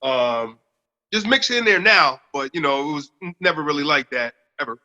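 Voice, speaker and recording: A man's voice: animated, moderate pace, bright, forceful tone, in a large hall, highs cut off. A young man from the US Northeast, cohosting a podcast in casual chat, telling a story with plenty of laughs and swearing. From Northeast United States. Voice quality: baritone.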